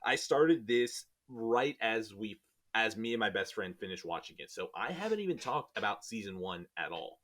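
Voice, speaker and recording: A man's voice: fairly low pitch, animated, normal speed, a bit bright. Rambling, jokey man hosting a podcast. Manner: rambling, jokey, loses his train of thought. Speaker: podcast host. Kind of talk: casual chat.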